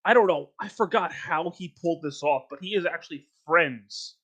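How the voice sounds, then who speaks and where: A man's voice: fairly high pitch, normal speed, fairly bright tone. A man co-hosting a podcast in casual chat, emphatic and rambling, often breaking into laughter. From North Carolina. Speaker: podcast co-host.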